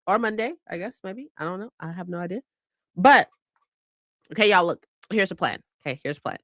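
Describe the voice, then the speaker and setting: A woman's voice: lowish voice, expressive, a little fast, fairly bright tone, no echo, studio quality. A woman hosting a casual live stream, chatty and bubbly, greeting viewers and laughing often.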